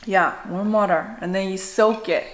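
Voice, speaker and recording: A woman making food at home for her mukbang vlog talks casually, rambling and cracking jokes to herself. She has a medium pitch and normal pace, and the kitchen echoes.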